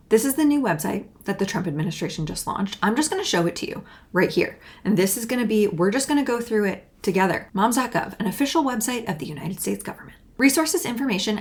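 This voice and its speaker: A young woman hosting a commentary video, reacting to clips in a heated, indignant and sarcastic way. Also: mid-range voice. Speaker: political commentator.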